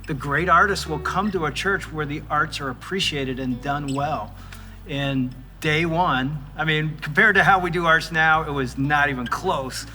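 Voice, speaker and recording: Bright-voiced older man pastor telling stories. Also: on the high side, measured pace, faint music behind. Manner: animated storyteller, casual and self-deprecating. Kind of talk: church service talk and testimony.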